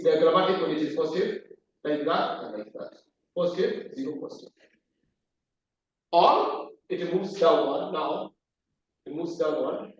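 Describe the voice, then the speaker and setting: A man teaching a maths class at the board, repeating key terms and asking the class questions. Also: fairly high pitch. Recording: echoey room, distant lo-fi mic.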